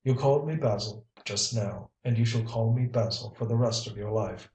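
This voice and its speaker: A man's voice: lowish voice, moderate pace, darkish tone, lightly acted. A man reading a stern, hot-tempered sailor. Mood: masterful. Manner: stern, commanding. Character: hot-tempered strong young sailor, masterful. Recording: roomy, distant mic.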